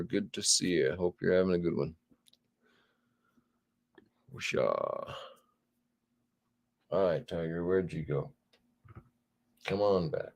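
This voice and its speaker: A man hosting a casual livestream, chatting and reading viewer comments aloud in a relaxed, drawling way. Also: low-pitched, slow pace, long pauses. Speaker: livestream host.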